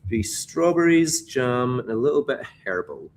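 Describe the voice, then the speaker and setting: A man's voice: mid-range voice, big pitch swings, measured pace, a little hiss or hum. A man with a Scottish accent, a whisky brand ambassador talking casually through a tasting, rambling with fillers and restarts. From Scotland.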